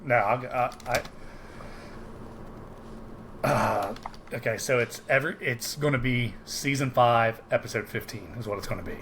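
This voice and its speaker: A man's voice: mid-range voice, unhurried, pauses often, background noise. A man co-hosting a casual podcast chat who rambles and restarts his sentences, recorded over a video call. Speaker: podcast co-host.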